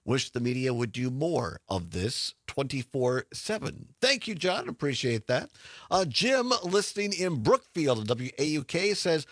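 Lively radio host man. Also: medium pitch, unhurried, no room sound, clean studio sound. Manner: upbeat, laughs often, reads messages aloud. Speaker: radio talk show host. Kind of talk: call-in radio show, reading listener messages. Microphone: studio microphone.

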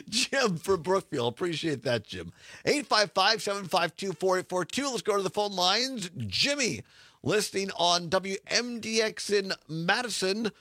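A man's voice: high voice, sing-song, a little slow, pushed and bright, dry recording, studio quality. A man hosting a call-in radio talk show, reading listener messages aloud with frequent laughs. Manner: upbeat, laughs often, reads messages aloud. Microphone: studio microphone.

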